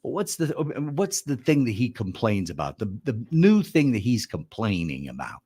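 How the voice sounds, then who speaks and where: A man's voice: mid-range voice, wildly swooping pitch, moderate pace, dark tone, slightly rough. A man hosting a radio newlywed quiz, reading questions and teasing the contestant playfully. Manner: playful, quizzing and joking. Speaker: radio show host. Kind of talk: radio game show hosting.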